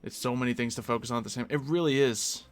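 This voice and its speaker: A man's voice: mid-range voice, steady tone, quick pace, soft background music. A man streaming a game live, chatting casually and answering viewers as he plays. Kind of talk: casual live-stream chat while gaming.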